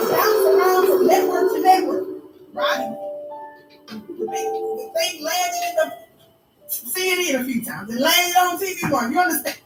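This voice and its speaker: A woman vlogger tells a mocking story in an emphatic, preacher-like style as storytelling commentary. Her very high voice is far from the mic in an echoey room, with faint music behind her.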